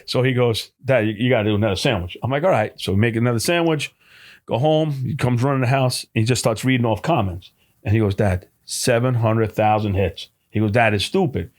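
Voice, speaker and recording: A middle-aged man, talking quickly and telling a story. He acts out what other people said and swears without a second thought, in a voice of ordinary pitch. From New Jersey. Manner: animated storyteller, acts out dialogue, swears casually. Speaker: deli owner, guest. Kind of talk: casual storytelling chat.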